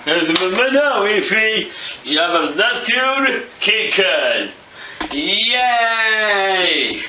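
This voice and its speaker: A young man acting out an improvised toy puppet skit, playful and excitable, with sudden shouts. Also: sits high, drawn-out words, background noise. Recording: echoey room, mic far off.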